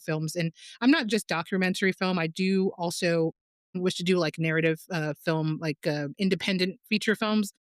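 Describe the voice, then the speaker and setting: Animated woman telling stories, dry sound. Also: moderate pace, no room sound. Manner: animated storyteller, acts out quotes with big pitch jumps. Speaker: documentary filmmaker guest. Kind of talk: casual interview conversation.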